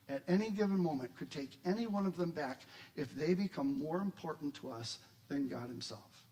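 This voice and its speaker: A middle-aged man preaching a sermon in a high-pitched voice. He is animated and gets louder when he acts out the voices in his stories, then drops back to a calmer teaching tone. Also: low-quality recording. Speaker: pastor.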